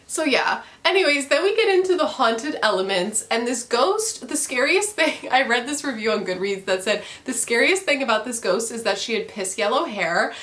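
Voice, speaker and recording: Bright-voiced young woman ranting about books. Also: fairly high pitch. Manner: profane, ranting, laughs often. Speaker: book reviewer. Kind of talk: casual book wrap-up chat.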